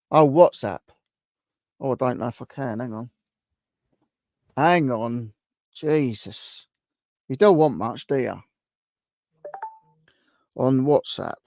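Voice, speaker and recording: Chatty man with a gravelly voice. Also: mid-range voice, mellow, no room sound, clean studio sound. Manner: chatty, reacts to viewers' guesses. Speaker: live stream host. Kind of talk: casual chat reading out viewer comments.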